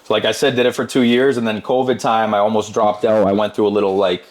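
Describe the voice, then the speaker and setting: A man's voice: on the low side, level tone, fast. A man in his twenties, a podcast guest, telling his story in casual chat, upbeat and repeating words for emphasis. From Brazilian heritage. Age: 20s.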